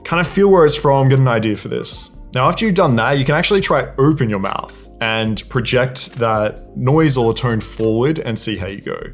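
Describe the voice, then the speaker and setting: Young male voice coach, easygoing and demonstrative, mid-range pitch, soft music underneath. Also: animated, normal speed, few pauses. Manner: casual, demonstrates exercises with hums and sighs. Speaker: dating and voice coach. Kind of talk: instructional talk to camera.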